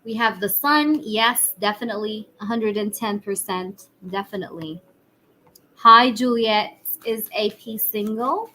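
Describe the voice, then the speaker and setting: A woman with a husky voice giving casual tarot readings on a live stream, chatting with viewers and using many fillers. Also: mid-range voice, a bit bright, a little hiss or hum, poor audio. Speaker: tarot reader.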